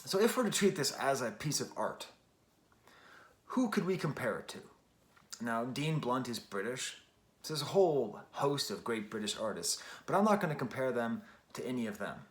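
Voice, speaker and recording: A man's voice: medium pitch, sing-song, normal speed. A man giving a casual spoken record review, thinking aloud with many restarts and fillers. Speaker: music reviewer.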